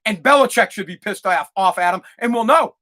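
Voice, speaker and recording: A man's voice: high-pitched, animated, a little fast, sharp tone. A man hosting a solo sports podcast, ranting in a fired-up way, swearing and repeating himself. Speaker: podcast host.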